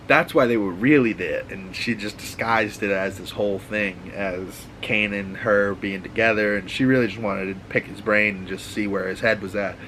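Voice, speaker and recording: A man's voice: lowish voice, bright, forceful tone, slight background noise, poor audio. A man with a Boston accent hosting a casual, rambling, profane recap of TV shows, full of restarts. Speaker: host.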